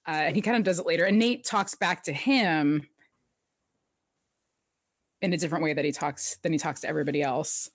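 A woman co-hosting a laid-back recap chat, her voice sitting slightly low. She laughs often and slips into lively quoted character lines as she retells the plot. The sound is dry and close, with no room around it. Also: moderate pace, no room sound. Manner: chatty, laughs often, animated quoting of characters. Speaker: podcast co-host recapping a TV episode. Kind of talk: casual chat.

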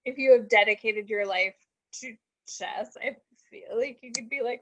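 A woman chatting casually about a TV episode, reasoning things through in a measured way. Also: fairly high pitch, husky, rough recording. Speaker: podcast co-host. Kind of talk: casual recap chat.

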